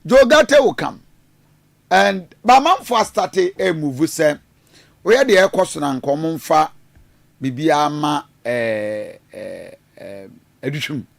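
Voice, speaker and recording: Gravelly radio host. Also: male voice, a little high, animated, a little slow, dry recording. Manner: mixes Twi into English, many fillers and restarts. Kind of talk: radio news commentary. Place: radio studio.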